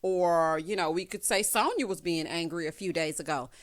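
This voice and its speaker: A woman hosting a casual recap of a reality show, sassy and animated, often calling viewers honey. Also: fairly low pitch, normal speed.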